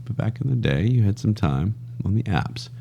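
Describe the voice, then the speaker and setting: A man's voice: fairly low pitch, animated, moderate pace, creaky, warm tone, muffled recording, a little hiss or hum. A man hosting a podcast, joking around loosely and swearing in casual chat. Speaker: podcast host. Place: Texas.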